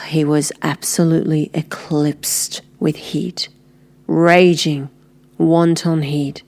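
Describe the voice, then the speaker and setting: A woman narrating an audiobook in the first person, unhurried, sometimes dropping to a breathy whisper. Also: sits low, flat delivery, a little mellow.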